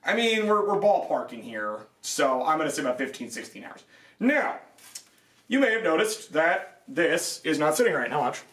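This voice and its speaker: A young man vents his frustration in a product review, swearing now and then, his somewhat high voice swinging widely and spiking in disbelief. He sounds a little distant from the camera mic. The room around him is echoey. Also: sing-song, moderate pace, a bit bright. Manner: exasperated ranting, voice jumping high in disbelief, swearing. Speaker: armor reviewer.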